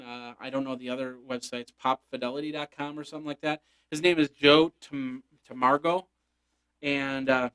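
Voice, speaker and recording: A man's voice: medium pitch, fairly bright tone. A man hosting a tech news podcast, reading a sponsor spot and chatting through geek stories with playful, rambling asides. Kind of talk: casual solo news chat with ad read.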